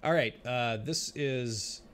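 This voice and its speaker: A man's voice: medium pitch, slow, fairly bright tone. A man streaming a game and chatting with viewers, often exclaiming and laughing as he plays. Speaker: gaming streamer. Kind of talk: let's play commentary.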